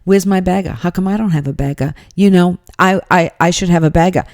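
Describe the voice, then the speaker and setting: A woman mimicking an entitled female shopper who gripes indignantly and quickly about bagging her own groceries. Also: deep voice, lively intonation, creaky, dark tone, heavily acted. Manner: indignant, rapid griping.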